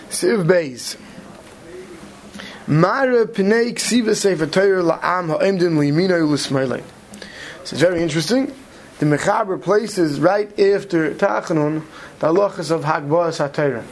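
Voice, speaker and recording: A man teaching a study class, talking quickly and checking in with "right?" as he explains. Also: a little high. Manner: quick, mixes Hebrew terms into English, many "right?" checks. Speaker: Torah teacher. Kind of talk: Talmudic study lecture.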